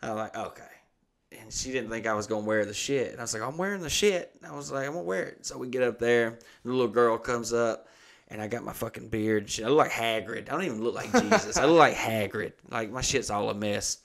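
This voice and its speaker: Gravelly man telling profane stories. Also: mid-range voice, fast talker, fairly bright tone. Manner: profane, rambling anecdotes with quoted dialogue. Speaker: podcast host. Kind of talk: casual storytelling chat.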